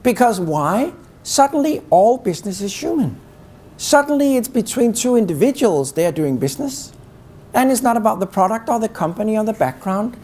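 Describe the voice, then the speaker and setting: A man's voice: sits high, sing-song, fairly quick, warm tone. A man giving a live talk on negotiation, teasing the audience with rhetorical questions. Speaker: keynote speaker on negotiation.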